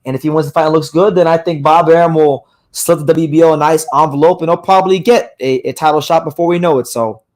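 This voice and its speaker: A hoarse man hosting a live boxing news show, talking casually and rambling with frequent restarts and fillers. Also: fairly high pitch, fairly even intonation, fast, hardly any pauses, a little mellow. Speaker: boxing podcast host.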